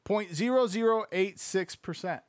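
A man reading a sports book aloud, breaking off into excitable, profane, slangy asides. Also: high-pitched, moderate pace, no room sound.

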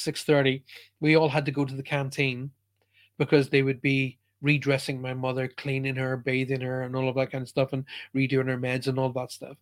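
A man's voice: mid-range voice, fairly bright tone. A man, a psychic medium answering a listener's question and telling a personal story in an earnest, emphatic way, often restarting his sentences. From Ireland.

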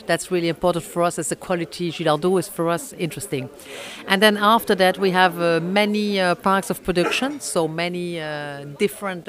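A middle-aged woman with a French accent speaks English carefully, stopping often for fillers and restarting her phrases. She answers interview questions about her oyster business in an unhurried, searching way. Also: on the low side. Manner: halting, many fillers and restarts. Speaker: oyster farm owner.

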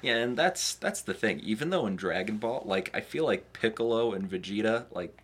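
A man co-hosting a podcast, talking in a measured, thoughtful way with some hedging. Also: on the low side, expressive, fairly bright tone, a little hiss or hum. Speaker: podcast co-host. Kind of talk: casual chat.

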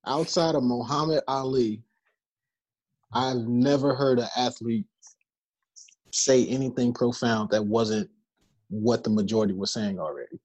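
A man's voice: medium pitch, steady tone, a little slow, pauses often, a little mellow. A man co-hosting a podcast, stating blunt opinions in casual chat. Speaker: podcast co-host.

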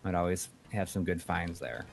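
A man's voice: low voice, normal speed, creaky, faint music behind. A man co-hosting a casual chat show, reading out donations, rambling with many fillers and restarts. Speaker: podcast co-host reading donations.

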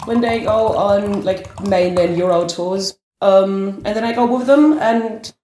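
Soft-spoken woman guest in a roomy space. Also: mid-range voice, a little slow, slight background noise. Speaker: guest, booker and tour manager. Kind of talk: casual chat. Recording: roomy echo.

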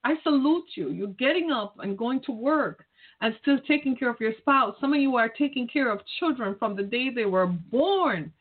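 A middle-aged woman talks straight to her listeners in an earnest, preaching way, coming back again and again to the same phrases. Her voice sits fairly high and comes through a thin, phone-like line. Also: expressive, normal speed. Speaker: speaker addressing caregivers. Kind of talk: heartfelt direct-address talk.

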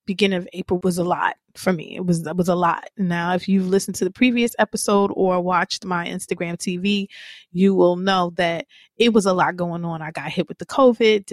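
A woman in her thirties hosting a podcast, chatting casually and rambling with her listeners, now and then guiding a slow breathing exercise. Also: lowish voice, dry recording, clean studio sound. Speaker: podcast host.

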